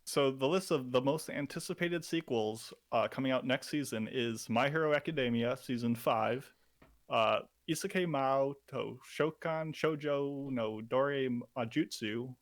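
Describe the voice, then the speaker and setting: A man's voice: mid-range voice, a little slow. A man co-hosting a podcast, chatting casually with a laid-back, dry sense of humor. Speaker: podcast co-host. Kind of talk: casual chat.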